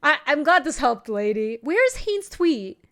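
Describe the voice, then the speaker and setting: A young woman streams a card game from home, her high voice a little slow. She chats casually, spinning an animated story broken up by laughing asides.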